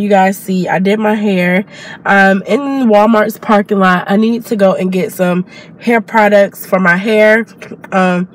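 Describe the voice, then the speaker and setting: A young woman, a new mother, chatting casually to her vlog camera while she has a cold. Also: mid-range voice. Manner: chatty, addresses viewers as y'all.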